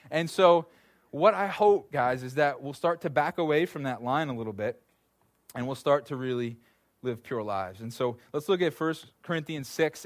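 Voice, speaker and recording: A man in his thirties preaching a sermon in a lively, conversational way, full of asides and restarts. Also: fairly high pitch, no echo. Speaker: pastor.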